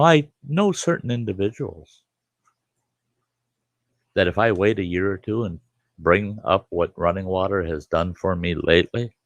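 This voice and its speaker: A man's voice: deep voice, vocal fry, no room sound. A man in his sixties hosting a live stream, talking in a rambling, emphatic, indignant way from his home studio. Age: 60s. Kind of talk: casual monologue.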